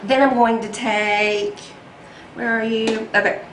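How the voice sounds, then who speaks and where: A woman's voice: fairly high pitch, level tone, slow, a bit bright, echoey room, slight background noise, poor audio. A young woman talking through a makeup tutorial in a chatty, self-deprecating way, with frequent ums. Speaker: beauty vlogger.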